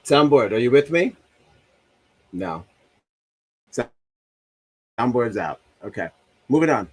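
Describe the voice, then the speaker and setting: This host speaks slowly in a very animated, mid-range voice during a casual livestream. He reads viewer comments out loud with loose jokes, talking to himself about the soundboard being broken.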